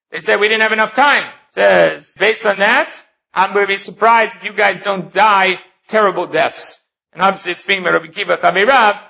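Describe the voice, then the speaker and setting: A man teaching Talmud, reading each line of the text and then explaining it in English. His voice sits high and bright, with a gravelly edge. The recording sounds dull and lo-fi. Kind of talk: Talmud lesson.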